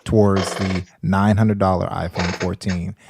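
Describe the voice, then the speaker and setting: Low-voiced man giving blunt opinions. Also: little pitch movement, unhurried, creaky, background noise. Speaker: panelist. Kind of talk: casual live panel chat.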